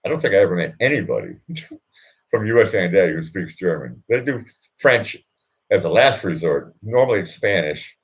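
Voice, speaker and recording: Indoors at home, a Boston man hosts a casual live stream chat, spinning rambling stories full of laughs and fillers. His voice is low and sing-song, moving at a moderate pace.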